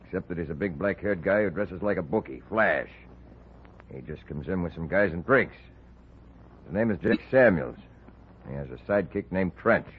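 A scared, evasive bartender in a vintage radio drama, husky and whining in his own defense. His pitch swings widely. The recording is a little dull. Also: expressive, normal speed. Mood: nervous. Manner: whiny and defensive.

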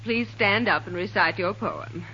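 A woman's voice: medium pitch, a little slow, pushed and bright, a little hiss or hum. An actress playing a prim, easily flustered young schoolteacher in an old radio comedy, scolding her class. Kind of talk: 1930s radio comedy acting. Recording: muffled old radio recording.

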